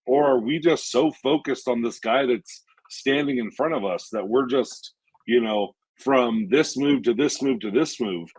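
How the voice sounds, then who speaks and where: A man co-hosts a casual podcast and lays out his points in a calm, measured way, often hedging with "you know" and "right?". His voice is husky and sits at an ordinary pitch. The recording sounds dry and close. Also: no echo, poor audio. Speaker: podcast co-host. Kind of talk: casual chat.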